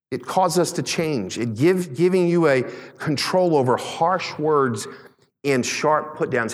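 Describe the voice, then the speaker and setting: A man preaching a sermon as pastor, emphatic, slowing on key words and asking the congregation questions. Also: medium pitch. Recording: long reverb in a large hall.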